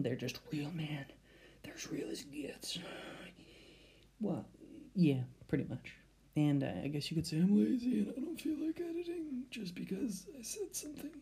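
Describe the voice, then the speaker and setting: A man's voice: mid-range voice, gravelly, dark tone. A man hosting his own podcast, rambling casually and laughing at himself as he drifts off topic. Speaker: podcast host. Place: home in Japan.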